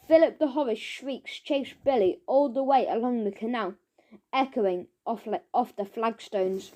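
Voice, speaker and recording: A woman narrating a children's audiobook, chanting its rhymes with lively rhythm. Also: on the high side, measured pace.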